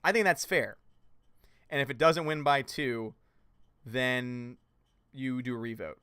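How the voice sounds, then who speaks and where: A man's voice: mid-range voice, slow pace, pushed and bright, smooth, no echo, clean studio sound. A man with a Southern US accent hosting a casual livestream, playful and joking with his viewers. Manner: playful, joking, laughs often. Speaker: livestream host.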